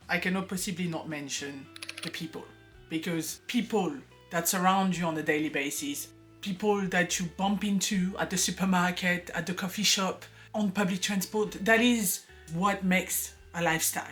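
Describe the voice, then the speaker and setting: Chatty woman vlogger, soft music behind. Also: lowish voice. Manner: chatty, earnest, with frequent laughs and fillers. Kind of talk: casual personal vlog talk.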